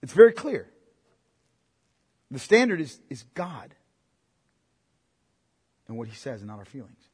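Male pastor, sermon, emphatic, rhetorical questions, husky, long church reverb. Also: mid-range voice, big pitch swings, unhurried, darkish tone. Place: church sanctuary. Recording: long reverb in a large hall.

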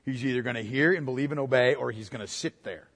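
A man's voice: mid-range voice, quick pace, a bit bright, slightly rough, long reverb tail. A pastor preaching a sermon in a conversational way, firing off rhetorical questions and calling listeners "man.".

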